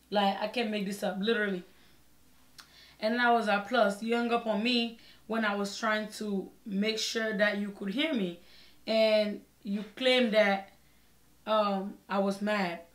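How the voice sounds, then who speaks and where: Young woman vlogging a story, acts out what she said back then, sounds like an echoey room. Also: mid-range voice. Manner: expressive, re-enacts her own side of the conversations. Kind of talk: storytime vlog.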